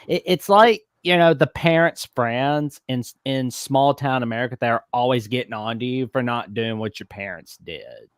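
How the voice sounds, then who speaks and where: A man hosting a casual college football talk show, animated and given to mock-scolding asides. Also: mid-range voice, moderate pace, dry recording, studio quality.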